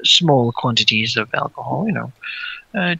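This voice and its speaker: Guy running a tabletop game, kinda gravelly and a bit high, ums a lot, dry dull recording. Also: lively intonation, sharp tone, dry recording. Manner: halting, many fillers. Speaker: game master.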